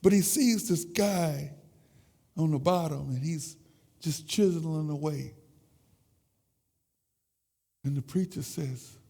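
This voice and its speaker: A man in his sixties giving an emotional, halting sermon testimony in a church sanctuary. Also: a little high, vocal fry, dark tone, breathy edge. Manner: emotional, halting with repeated words. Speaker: church speaker. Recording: echoey church hall.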